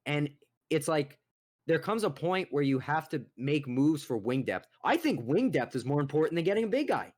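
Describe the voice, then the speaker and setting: A young man co-hosting a sports podcast launches into a profane, exasperated rant. His voice sits fairly high for a man, and he swings between fired-up outbursts and muttered asides. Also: moderate pace. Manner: profane, exasperated, animated ranting. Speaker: podcast co-host.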